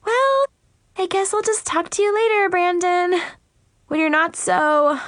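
A woman voicing a catty, fake-sweet teenage girl in an audiobook, shrill and gushing. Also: a little slow, a bit bright, no room sound, clean studio sound. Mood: flustered. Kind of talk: audiobook reading.

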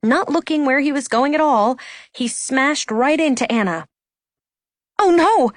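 A woman narrating a first-person story aloud with expressive, emotional delivery. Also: high voice, moderate pace, no room sound, studio quality. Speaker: audiobook narrator.

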